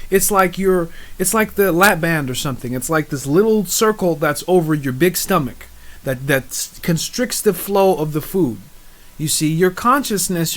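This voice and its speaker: A man's voice: on the high side, fairly bright tone. A man giving motivational encouragement and leading listeners in repeated spoken affirmations, in an earnest, rhythmic way. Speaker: motivational speaker.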